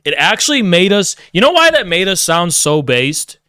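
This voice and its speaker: A man's voice: high-pitched, very animated, normal speed, sharp tone, smooth, no echo, studio quality. A man ranting sarcastically on a stream, rambling and laughing often between sentences. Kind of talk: casual political rant.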